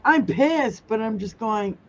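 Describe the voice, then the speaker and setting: A woman's voice: on the high side, lively intonation, slow, dull audio, slight background noise. Swearing, furious woman livestreamer. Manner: angry, heavy swearing rant. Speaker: livestream host reading viewer comments. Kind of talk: casual livestream chat.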